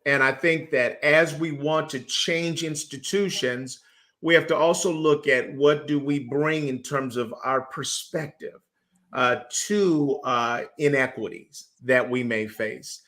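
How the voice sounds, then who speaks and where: A man's voice: mid-range voice, slow, a bit bright. A man hosting an interview, asking earnest, admiring questions. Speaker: host.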